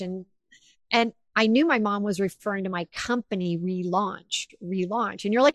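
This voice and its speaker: A woman hosting an interview, retelling a personal story in animated, emotional bursts. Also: on the high side, moderate pace, dry recording, studio quality. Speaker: podcast host. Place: home office with windows.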